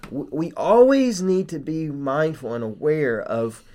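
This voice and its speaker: A man's voice: a little high, very animated, measured pace, dark tone. Earnest man explaining a faith lesson. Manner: earnest, explanatory, building points step by step. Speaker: podcast host. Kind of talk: casual faith podcast discussion.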